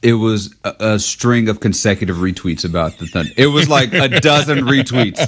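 A man's voice: on the low side, normal speed, a bit bright, a little hiss or hum. Teasing, laughing male radio co-host. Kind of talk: casual banter.

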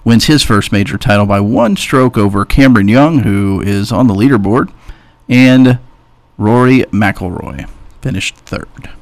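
A man's voice: on the low side, a little slow, dry recording. A man hosting a sports radio show, reading trivia lists and teasing his co-host in casual chat.

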